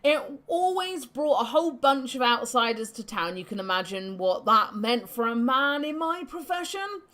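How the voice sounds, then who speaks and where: A woman's voice: fairly high pitch, big pitch swings, normal speed, sharp tone. A woman voicing a boastful old male ex-thief in a grungy put-on accent, reminiscing in a video game.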